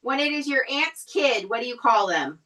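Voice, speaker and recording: A woman makes brief, offhand remarks during a live stream. Her voice is bright and slightly high. She sounds like she is a little away from the mic. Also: expressive, moderate pace, low-quality recording. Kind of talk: casual live-stream chat.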